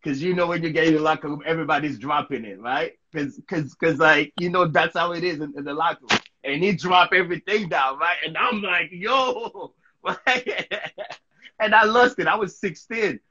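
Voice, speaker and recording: Husky-voiced man from Sierra Leone. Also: on the high side, fairly quick, dull audio. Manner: lively anecdotal telling, frequent "right?" tag questions, repeated words. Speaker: interview guest, pro soccer player. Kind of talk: casual storytelling interview.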